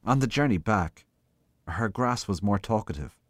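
A man giving a slow, measured literary reading of a short story. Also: lowish voice, expressive, no echo. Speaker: reader.

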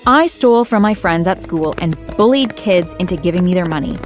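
A woman's voice: on the low side, lively intonation, fairly quick. A young woman narrating her own story in the first person, acting out her own lines with feeling. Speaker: narrator and lead character. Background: background music.

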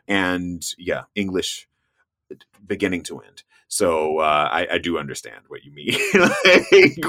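A man with a low voice and a bright, forceful edge, chatting easily as a podcast guest. He tells travel stories in an animated way, laughs often, and slips into little impressions of the people he met. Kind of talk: casual interview chat.

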